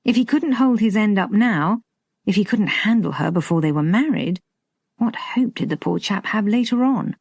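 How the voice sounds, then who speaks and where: A woman narrating a romantic comedy audiobook in a measured, lightly expressive way. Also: medium pitch, gravelly, slightly rough, dry recording. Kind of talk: scripted narration.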